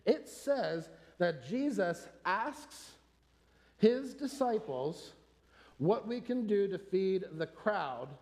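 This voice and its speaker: A man with a high voice delivers a sermon in an emphatic, conversational teaching style and often asks his listeners rhetorical questions. His voice rings out with a long reverb, as if in a large hall. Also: lively intonation, slow, a little mellow. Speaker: preacher.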